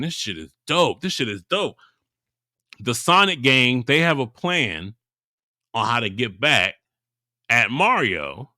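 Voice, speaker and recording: A man co-hosts a casual podcast and retells a story with plenty of laughter, animatedly acting out the characters' voices. His voice sits at a medium pitch with a clear, resonant tone, and the recording is dry and studio quality.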